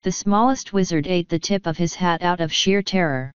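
A woman narrating an audiobook in a measured, even storytelling manner. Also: fairly low pitch, smooth, no room sound, highs cut off.

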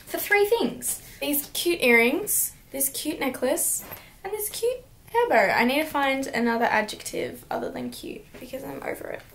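A woman's voice: sits high, expressive, moderate pace, gravelly, fairly bright tone, slight background noise. Bubbly young woman vlogging. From Australia. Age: young adult. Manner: bubbly, gushing, chatty. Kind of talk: casual haul vlog.

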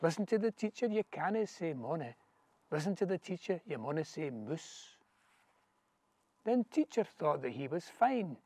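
A Scottish man reciting a poem in a steady, rhythmic cadence, slipping easily into Scots dialect. His voice sits slightly high for a man. The recording is dry and close, with no room sound. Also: moderate pace, slightly rough, no echo. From Scotland. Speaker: poetry reader. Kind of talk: poetry reading. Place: outdoors, back garden.

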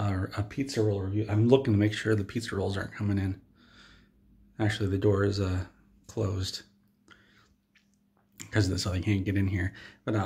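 A man telling an absurd in-character comedy story in a rambling, deadpan way, with frequent restarts. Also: on the low side. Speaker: comedy vlogger.

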